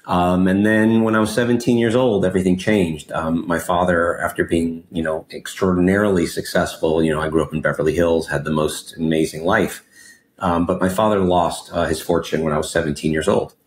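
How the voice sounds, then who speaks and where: A guest entrepreneur in his forties, born in Mexico and raised in Los Angeles, tells his life story in an interview. He is expressive and animated, peppering his talk with "you know." His voice sits low and brisk, with a little hiss or hum.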